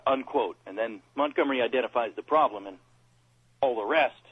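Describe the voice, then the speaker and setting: Male radio co-host, slightly raspy, halting and repetitive delivery, muffled lo-fi sound. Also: medium pitch. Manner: reads quotes aloud, pauses and repeats words. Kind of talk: casual talk radio discussion. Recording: dull lo-fi radio audio.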